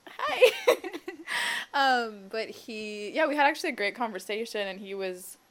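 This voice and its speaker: A woman's voice: medium pitch, moderate pace, a bit bright. A woman in her late twenties chatting casually, laughing often and acting out the people she quotes. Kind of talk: casual chat.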